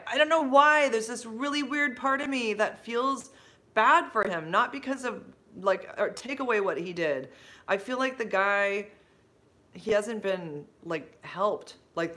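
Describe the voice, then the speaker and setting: A middle-aged woman chats on a livestream, reading out and answering viewer comments. Her voice is bright and forward, sitting at an ordinary middle pitch. She rambles warmly, full of "um"s and restarts. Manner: rambling and chatty, many fillers and restarts. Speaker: livestream host. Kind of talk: casual live-stream chat, answering viewer comments.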